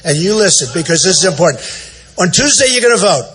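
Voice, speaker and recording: A man in his sixties, a political candidate giving an off-the-cuff campaign rally speech in a large indoor event center. He repeats himself, boasts, and often shouts out to the crowd. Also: high voice, sing-song, fast talker. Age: 60s.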